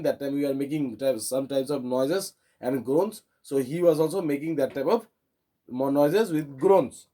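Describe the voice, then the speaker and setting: A man with a Bengali accent teaching an English lesson, reading a story aloud and pausing to explain words, with frequent restarts. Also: sits high, warm tone. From India.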